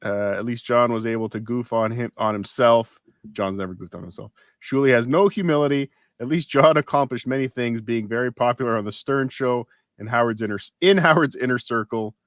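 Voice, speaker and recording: A man co-hosting a casual podcast, reading posts aloud in a wry, deadpan way. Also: medium pitch, a little fast, no echo, clean studio sound. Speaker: podcast co-host.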